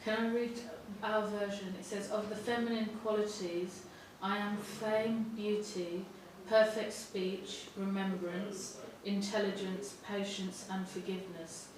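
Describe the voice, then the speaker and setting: A woman in a study group reading verses aloud slowly and carefully. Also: mid-range voice, level tone. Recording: distant, echoey room mic with noise.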